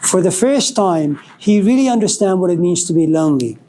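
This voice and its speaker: A man's voice: high voice, expressive, brisk, dark tone, low-quality recording. A man giving a storytelling lecture in a wry, dramatic way.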